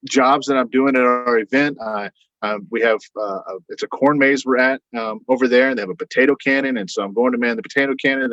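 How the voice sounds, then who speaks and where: A man telling a long anecdote as a guest, in a casual, rambling way, acting out what others said. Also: dry recording. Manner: rambling, animated retelling with quoted voices and frequent fillers. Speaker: podcast guest. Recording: dull, dry low-fidelity sound.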